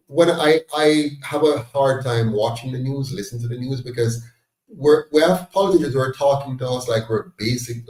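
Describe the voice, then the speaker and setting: Jamaican male host, mellow tone, emphatic and indignant, recorded distant and roomy. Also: mid-range voice. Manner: emphatic, rising to exclaim in indignation. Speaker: host of a political discussion meeting. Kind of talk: passionate political talk.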